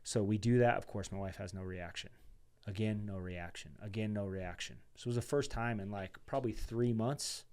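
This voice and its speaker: A man as a podcast guest telling a personal story in a casual, animated way. He talks loosely and calls his listener "dude" and "man". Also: fairly low pitch, normal speed. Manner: chatty and animated, says "dude" and "man", acts out quoted dialogue.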